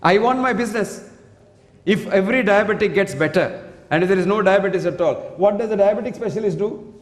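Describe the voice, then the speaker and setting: A man's voice: sits high, fairly quick. An older man giving a public health lecture, asking the audience rhetorical questions and quoting Sanskrit verses. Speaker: speaker giving a health talk. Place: hall with one fixed mic. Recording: echoey hall with long reverb.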